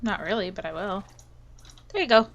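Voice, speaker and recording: A woman's voice: medium pitch, moderate pace, fairly bright tone, dull audio. A woman co-hosting a gaming video with her husband, answering in short, playful remarks. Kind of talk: casual gameplay chat.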